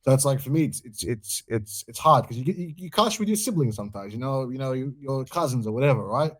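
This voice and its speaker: A man's voice: mid-range voice, lively intonation, fast. A young man co-hosting a podcast, talking frankly and swearing casually. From Australia. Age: young adult. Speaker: podcast co-host.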